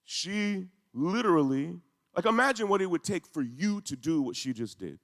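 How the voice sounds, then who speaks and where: A man's high, slightly bright voice carries a sing-song lilt at a moderate pace as he tells a story to a congregation. The speech is emotional and intense, with emphasis that keeps rising, recorded in an echoey hall.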